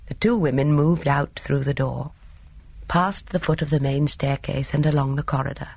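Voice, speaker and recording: Audiobook narrator, gravelly and husky, dry close-mic read. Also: mid-range voice, dry recording. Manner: steady, measured storytelling. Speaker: audiobook reader. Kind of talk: scripted narration.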